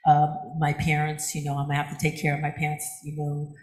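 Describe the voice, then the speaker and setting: An older woman minister giving a chatty, animated sermon, often laughing and acting out what other people say. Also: low voice, fast. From United States. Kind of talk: conversational sermon. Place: church sanctuary. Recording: roomy church echo.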